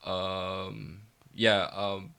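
Guy rambling through feedback, lots of like and yeah, bright lowish voice. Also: completely flat delivery, very slow, vocal fry, clear, resonant tone. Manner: rambling, full of likes and repeated yeahs, laughs often. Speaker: friend giving feedback. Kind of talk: casual chat.

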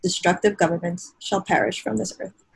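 A woman's voice: fairly low pitch, fairly even intonation, moderate pace, creaky, husky, low-quality recording. A woman giving a declamatory, challenging dramatic reading during a worship service.

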